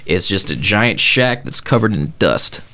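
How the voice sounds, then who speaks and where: A man's voice: fairly low pitch, lively intonation, measured pace, bright, forceful tone. A man narrating as game master of a tabletop game, laid-back and full of fillers.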